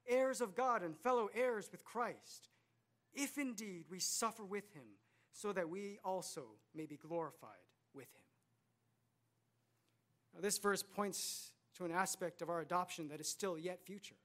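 A man's voice: sits high, fairly bright tone. Casting note: man in his thirties, earnest preacher, repeats lines and asks rhetorical questions. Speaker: pastor. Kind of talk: sermon.

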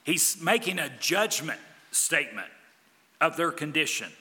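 Male pastor, sermon, emphatic delivery, very bright tone, slightly high voice, long hall reverb. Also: expressive, normal speed. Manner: emphatic preaching with big swings in loudness.

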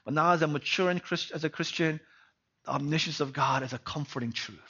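A man preaching a sermon. He asks rhetorical questions, tags points with "right?", and swings from hushed tones to loud emphasis. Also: on the high side, a little fast, breathy edge. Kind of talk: sermon on a Bible passage. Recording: dull lo-fi recording.

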